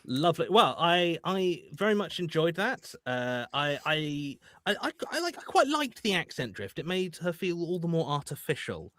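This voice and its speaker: A man hosting a game show with a bright, lively, slightly high voice. He talks excitedly and often stumbles and restarts. The sound is dry and close. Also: moderate pace, hardly any pauses, dry recording.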